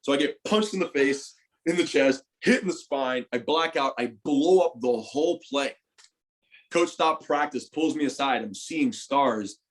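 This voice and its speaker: A young retired football player, appearing as a podcast guest, tells his story with animation and plenty of profanity in an ordinary mid-pitched voice. He speaks a little slowly, his volume swinging from loud bursts to hushed asides.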